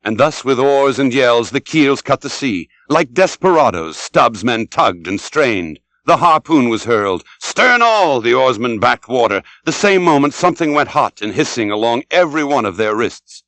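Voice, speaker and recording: A man reading an audiobook as scripted narration, dramatic and expressive. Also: medium pitch, moderate pace, few pauses, no room sound. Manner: dramatic, shouts out the sailors' cries.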